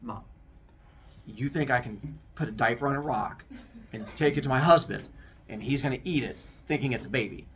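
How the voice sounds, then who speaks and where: A man's voice: mid-range voice, moderate pace, pauses often, a bit bright, distant mic, natural voice. A man voicing a flustered young goddess mother, exasperated and incredulous.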